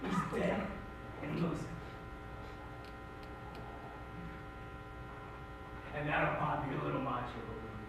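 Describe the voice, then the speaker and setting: A teenage boy performing a monologue as a middle-aged Irish-American man, telling his story in an animated, wry and emotional way. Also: sits high, noisy background. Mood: somber. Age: teens. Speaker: high school forensics performer. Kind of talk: competitive dramatic monologue. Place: school auditorium stage. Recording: echoey hall, distant mic.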